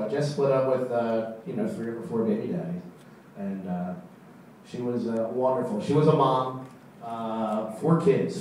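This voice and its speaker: A man doing a stand-up comedy set on a club stage, deadpan and halting, with many fillers. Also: mid-range voice. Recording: echoey room, far from the mic, faint crowd noise.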